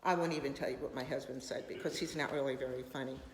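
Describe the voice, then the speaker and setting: An older woman talking off the cuff to viewers from her living room, chatty and a little wry, at a middling pitch. The room echoes noticeably, with a long tail and a faint hiss behind her. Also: steady tone, fast. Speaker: comedian's mother. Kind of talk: casual chat to a live audience.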